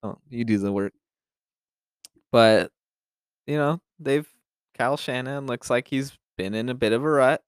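A man's voice: mid-range voice, moderate pace, pauses often, clear, resonant tone, no room sound, clean studio sound. A young man co-hosting a podcast, chatting loosely about football with frequent restarts and casual swearing. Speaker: podcast co-host. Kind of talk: casual sports chat.

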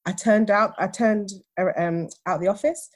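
Husky woman telling a story. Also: mid-range voice, moderate pace. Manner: animated, acts out others' lines. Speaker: podcast guest, teacher. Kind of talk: casual storytelling chat.

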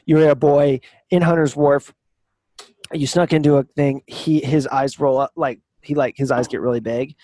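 A man's voice: medium pitch, darkish tone, no room sound. A man narrating a tabletop game as game master, in a casual, rambling way full of fillers.

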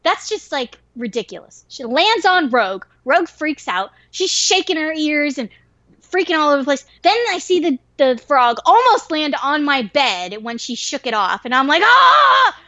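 A woman telling a wild story in casual chat, swearing freely and getting animated and excitable. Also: high voice, normal speed, dry recording. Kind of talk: casual story told to a listener. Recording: dry, slightly dull lo-fi recording.

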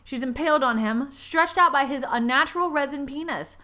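A woman hosting a comedy podcast, recapping a story aloud with sarcastic deadpan asides. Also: sits high, fairly quick.

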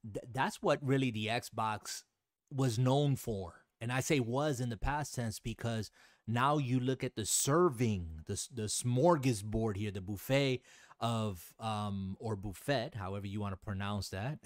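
Male American host, mid pitch, dry close sound, chatty and laughing. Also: a little slow, dry recording. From United States. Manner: talkative, laughs often, many fillers. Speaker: podcast host. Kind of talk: casual chat.

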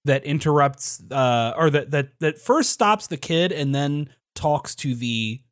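A man co-hosting a podcast, chatting casually, animated and swearing freely. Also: a little high, unhurried, no room sound, clean studio sound. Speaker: podcast co-host. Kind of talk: casual chat.

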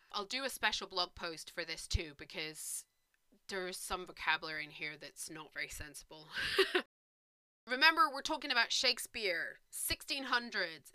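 A woman teaching English to learners, reading a play and a novel aloud and explaining the words clearly and patiently. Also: mid-range voice, sharp tone, dry recording. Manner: clear and patient, with light laughs.

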